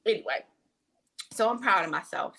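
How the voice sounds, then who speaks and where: A woman physician, a podcast guest, telling an animated, emphatic story in casual conversation. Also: medium pitch, moderate pace, creaky.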